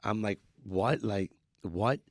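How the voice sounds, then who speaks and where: A man from New York, a musician guest, talking candidly in an interview with halting restarts and frequent fillers. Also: lowish voice, no room sound, clean studio sound. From New York, USA.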